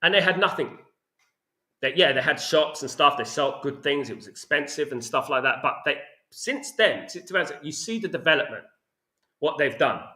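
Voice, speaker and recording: A man's voice: on the high side, lively intonation, normal speed, sharp tone, echoey room. A man with a London accent hosting a football channel, ranting about his club in a passionate, repetitive way. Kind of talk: opinionated fan commentary.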